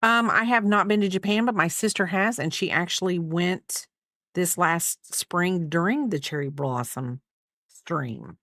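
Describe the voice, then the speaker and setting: A slightly bright voice on the low side, at normal speed, comes from a middle-aged American woman from the United States. She's a crafter livestreaming her crochet work, chatting casually, rambling, and answering viewers between stitches, captured in a dry recording with clean studio sound.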